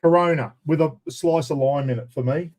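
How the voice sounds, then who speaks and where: His pitch leans high and he talks at normal speed. He's an Australian man hosting a relaxed charity stream, wandering from one matey viewer shout-out to the next.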